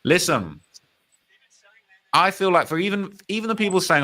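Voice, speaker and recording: A British man with a fairly high voice hosts a live stream at a moderate pace, giving animated, emphatic takes on rap news. He repeats phrases and reads viewers' chat comments aloud.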